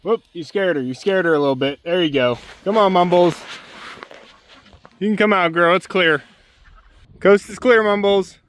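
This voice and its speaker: A man with a fairly high, bright, forward voice hosts a casual homestead vlog. He coaxes his birds and dog in a gentle sing-song. Then he turns to the viewer and explains his farm methods in a relaxed, practical way. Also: moderate pace, long pauses. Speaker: homesteader and channel host.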